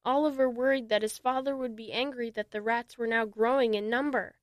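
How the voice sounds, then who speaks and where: A woman narrating a children's story in a gentle, steady reading voice. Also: on the high side, brisk, hardly any pauses, no room sound, studio quality.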